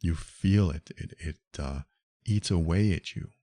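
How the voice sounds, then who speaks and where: Earnest low-voiced male podcast host. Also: unhurried, dark tone, dry recording, clean studio sound. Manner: earnest, explanatory, addresses listener directly. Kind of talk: solo podcast monologue.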